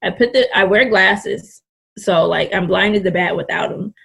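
A woman's voice: mid-range voice, moderate pace, creaky, fairly bright tone, husky. A young woman in her twenties, a podcast guest, telling a story in casual, candid, blunt talk and swearing freely. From California Bay Area.

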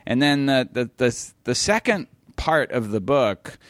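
A man's voice: mid-range voice, very animated, unhurried, dry recording. A middle-aged man co-hosting a podcast, chatting casually and telling stories in long, self-interrupting runs. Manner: rambling, self-interrupting storyteller. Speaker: podcast co-host. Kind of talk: casual chat.

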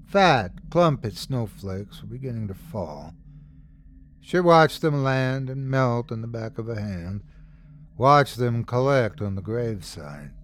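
A man's voice: mid-range voice, expressive, takes it slowly, slight background noise. A man narrating a scary story as host, dramatic, swelling and dropping for suspense. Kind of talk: scripted horror story narration.

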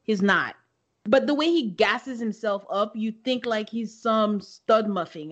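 A young woman co-hosting a podcast, recapping a reality show in a casual, animated way and acting out quotes with laughs. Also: medium pitch, a little slow, muffled recording. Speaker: podcast co-host.

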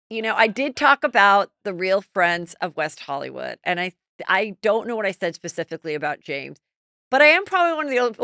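A middle-aged woman hosting a celebrity gossip podcast, telling stories in a chatty, animated way. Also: lowish voice, clear, resonant tone, no echo, studio quality. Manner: chatty, animated storytelling with quoted asides. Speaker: podcast host. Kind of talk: casual celebrity gossip chat.

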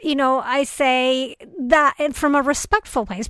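A woman's voice: high voice, moderate pace, hardly any pauses, a bit bright, smooth, no room sound. A woman hosting a podcast, asking questions thoughtfully and respectfully, sometimes hesitating. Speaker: podcast host. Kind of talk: podcast interview conversation.

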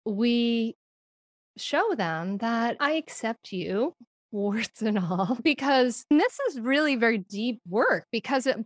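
A woman's voice: fairly high pitch, animated, slow pace, no echo. A woman as a podcast guest, explaining in an earnest way and laughing now and then. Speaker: guest, parenting expert. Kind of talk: podcast interview.

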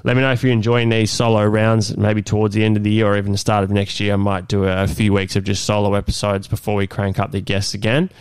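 A man hosting a solo fitness podcast, talking in a loose, relaxed way with lots of fillers. He sounds nasal and congested from being unwell. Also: lowish voice, fast, hardly any pauses, clear, resonant tone, no room sound. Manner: relaxed, many fillers and restarts.

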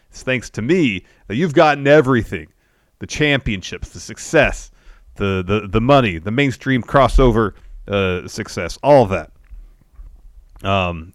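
A man with a low voice co-hosts a casual podcast. He recaps in a steady play-by-play way. The sound is dry and close. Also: dry recording. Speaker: wrestling podcast co-host. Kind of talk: casual chat.

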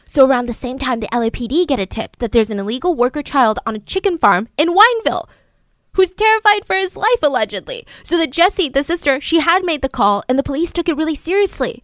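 A woman casually retelling a true crime story, animated, acting out the people she quotes. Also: a little fast, dry recording. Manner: animated, acts out quotes with raised pitch and volume.

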